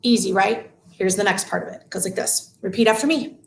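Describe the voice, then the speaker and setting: A woman music teacher leading a live parent-child class, chanting nursery rhymes slowly in a sing-song way with rising inflection. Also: medium pitch, gravelly. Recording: echoey room.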